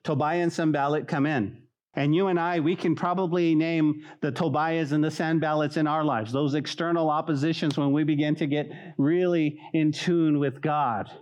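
A male pastor delivering an evening Bible study in a lively, conversational way. His voice sits a little higher than most men's. He keeps turning to his listeners to call them "guys" and jumps into animated bits. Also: normal speed. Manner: animated, acts out mocking voices with high pitch. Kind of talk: sermon.

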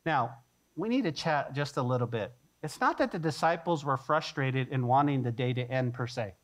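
A man preaching a sermon as pastor, animated, acting out the disciples' voices with fillers and asides. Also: mid-range voice, moderate pace.

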